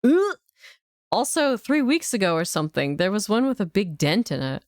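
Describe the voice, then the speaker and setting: A woman's voice: mid-range voice, very animated, brisk, dry recording, studio quality. A woman streamer chatting with her viewers while playing a game, playful and giggly, with crude jokes, on a desk mic. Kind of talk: live-streamed game playthrough chat.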